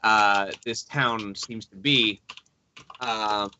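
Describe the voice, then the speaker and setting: A man running a tabletop game as dungeon master, recapping the story with hesitant pauses and fillers over an online call. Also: lowish voice, steady tone, pushed and bright, dull audio, a little hiss or hum.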